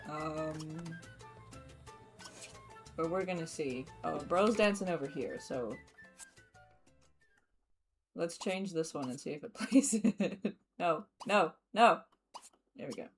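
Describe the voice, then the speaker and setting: A young woman with an Australian accent chatting casually while streaming a game, laughing often and filling pauses with ums and likes. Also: sits low, lively intonation, soft background music. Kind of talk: casual gameplay commentary.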